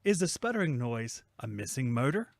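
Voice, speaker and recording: A man mimicking a clueless male customer-service chatbot that gives flat, canned replies, a bit off-mic. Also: medium pitch, normal speed, creaky, no echo, studio quality. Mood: robotic.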